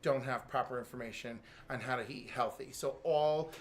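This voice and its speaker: A man's voice: normal speed, slight background noise. An American man co-hosting a show, animatedly recapping comics in casual chat and acting out character lines. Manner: animated storyteller, acts out character lines with big pitch jumps. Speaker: co-host.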